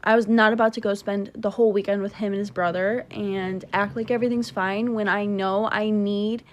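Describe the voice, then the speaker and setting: A woman's voice: mid-range voice, steady tone, normal speed, slight background noise. A young woman casually telling a long, rambling breakup story, talking emphatically and cutting herself off. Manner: rambling, emphatic, self-interrupting. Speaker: TikTok storyteller.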